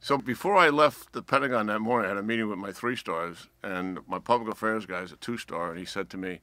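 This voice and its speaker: Brief: retired general in his seventies, New York accent, bright but low voice, dry close sound, lively yarn-spinner. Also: fast, hardly any pauses, no echo. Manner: animated storyteller acting out dialogue. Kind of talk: anecdote told as a guest.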